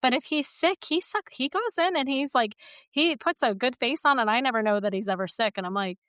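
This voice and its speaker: A woman's voice: sits high, brisk, a bit bright, no room sound, clean studio sound. A woman in her forties hosting a podcast, chatting casually and laughing often. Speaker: podcast host. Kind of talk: casual conversation.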